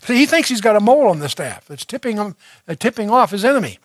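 A man with a fairly high voice teaches through scripture verse by verse. He reads a passage aloud, then explains it in a conversational, unpolished way, with fillers and restarts. The recording is dry, with no room echo. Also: big pitch swings, fast. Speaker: Bible teacher.

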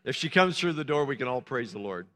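Male pastor, bright voice, casual preaching, echoing church hall with music under it. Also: mid-range voice, expressive, fast. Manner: informal, encouraging, short questions to the congregation. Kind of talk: sermon.

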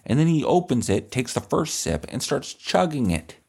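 Guy rambling through a crude funny story, gravelly voice, deadpan. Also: mid-range voice, normal speed. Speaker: comedy podcast host. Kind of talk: comic storytelling monologue.

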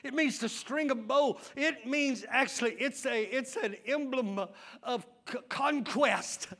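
High, bright preacher man. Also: unhurried. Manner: shouting, fervent preaching with call-and-response. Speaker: pastor. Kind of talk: sermon.

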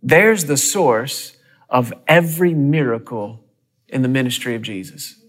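A man preaching a sermon in a church, lively and dramatic, with fast bursts and sudden hushed drops. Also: medium pitch. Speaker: pastor.

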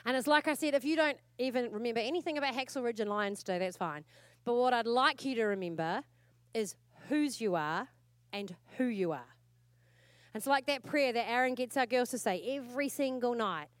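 A woman's voice: on the high side, animated, fairly quick, clear, resonant tone, dry recording. A woman pastor with a New Zealand accent preaching a sermon in a church, earnest and exhorting, repeating her points for emphasis.

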